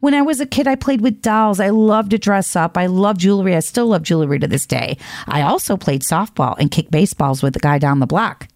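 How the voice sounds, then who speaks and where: A woman hosting an opinionated commentary monologue, blunt and emphatic, jumping to high exasperated outbursts. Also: lively intonation, a little fast, few pauses, a little mellow, no echo, clean studio sound. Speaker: host.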